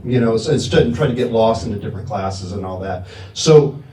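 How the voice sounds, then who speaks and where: Mellow-voiced man explaining, echoey and distant. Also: fairly low pitch, a little hiss or hum. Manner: halting, explanatory, restarts often. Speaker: panelist answering audience questions. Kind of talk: conference Q&A. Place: conference room. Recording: echoey room, mic held at a distance.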